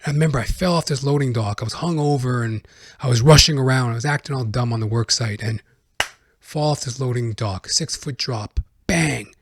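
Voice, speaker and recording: A man's voice: medium pitch, a little fast, slightly rough, no room sound. Male podcast host, mid-range voice, casual profane solo storyteller, dry room.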